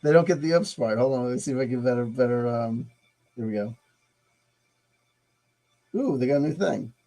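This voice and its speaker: A man's voice: medium pitch, normal speed, dark tone, low-quality recording. A man hosting a casual live stream, musing aloud, rambling and swearing as he decides what to show next.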